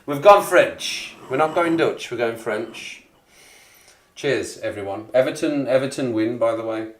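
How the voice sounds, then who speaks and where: A man in his forties hosts a relaxed live stream, chatting and rambling as he greets viewers by name. His pitch sits right in the middle, and he laughs easily. The room around him has a noticeable echo. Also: normal speed. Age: 40s. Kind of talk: casual live stream chat. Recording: echoey room.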